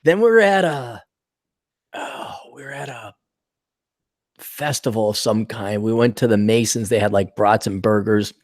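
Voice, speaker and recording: A male podcast host in casual chat, an animated storyteller who acts out the people he quotes. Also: lowish voice, a little slow, no room sound, clean studio sound.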